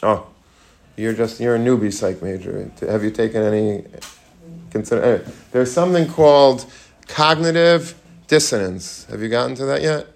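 A man's voice: medium pitch, normal speed, gravelly, a little mellow. A man giving an informal Torah lecture to students, chatty and full of questions to the room, mixing in Hebrew and Yiddish terms. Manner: conversational, asks the audience questions, mixes Hebrew and Yiddish terms. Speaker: rabbi giving a talk to students. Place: room with a live audience.

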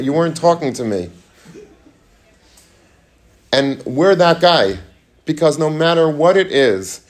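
A man preaches a storytelling sermon with lively energy, and his voice jumps up and down as he acts out the people in his story. Yiddish and Hebrew terms slip into his plain talk. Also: fairly high pitch. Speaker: Torah lecturer.

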